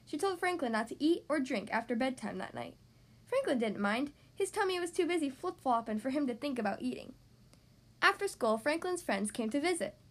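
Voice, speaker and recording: A woman reads a children's storybook aloud with a high, bright voice. She sounds gentle and expressive.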